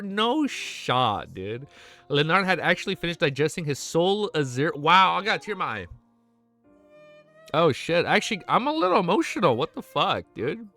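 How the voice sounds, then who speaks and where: A man's voice: on the high side, sing-song, normal speed, pushed and bright, faint music behind. A young man streaming, reading a web novel aloud and breaking off to gush, swear and say "dude". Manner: gushing, swears often, says "dude" a lot. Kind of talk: reading aloud with excited reactions.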